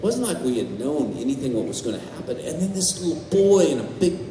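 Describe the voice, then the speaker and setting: A man on a convention panel telling animated stories, swearing and laughing as he goes. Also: on the high side, a little fast, slight background noise. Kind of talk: storytelling on a panel. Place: large convention hall. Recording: echoey hall, far from mic, faint ambience.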